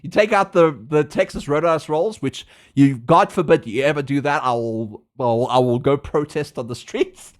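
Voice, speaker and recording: A man's voice: fairly high pitch, moderate pace, few pauses. A young South African man streaming a game, ranting in casual, profane, laughing chat. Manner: animated, profane, laughing rants.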